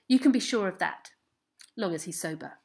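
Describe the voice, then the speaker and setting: A woman's voice: fairly low pitch, animated, moderate pace, vocal fry, darkish tone, breathy edge, heavily acted. A woman reading aloud as a kind, eager fifteen-year-old farm boy who speaks tenderly to his horse. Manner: tender, coaxing, proud. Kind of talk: storybook reading.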